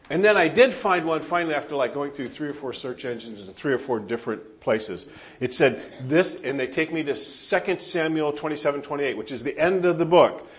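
A male pastor from Southern California preaching a sermon, telling animated stories with self-deprecating humor to a congregation. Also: a little high, brisk.

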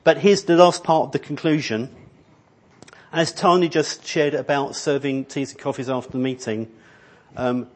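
A man's voice: medium pitch, fairly even intonation, moderate pace. Rambling, conversational male pastor. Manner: conversational, rambling with frequent restarts and ums. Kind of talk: sermon. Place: church hall.

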